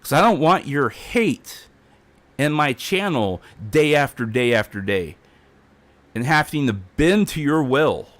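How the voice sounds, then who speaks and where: Heated, defiant male streamer with a lively, somewhat high voice; dry, close sound. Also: unhurried, dry recording. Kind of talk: ranting livestream monologue.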